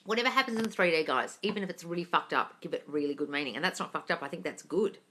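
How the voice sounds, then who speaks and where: A woman's voice: on the low side, fast, a bit bright, slight background noise. A woman, hosting a casual live stream and answering viewer questions, calling them darling and gushing over their news.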